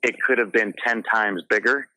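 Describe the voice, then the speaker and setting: A man's voice: fairly low pitch, steady tone, moderate pace, pushed and bright, no echo, rough recording. A man speaking as a guest on an interview show, telling stories earnestly and passionately in a casual way. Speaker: guest, realtor.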